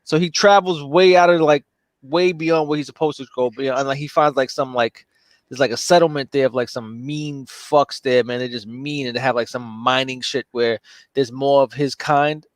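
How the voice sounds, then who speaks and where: A man's voice: mid-range voice, moderate pace, no room sound. A man in casual chat, telling a movie plot with lots of filler, cursing and acted-out character voices. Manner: animated storytelling, heavy profanity and filler.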